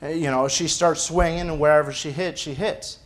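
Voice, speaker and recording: A man's voice: on the high side, steady tone, moderate pace. A man preaching a sermon as pastor, emphatic and firing off rhetorical questions. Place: church.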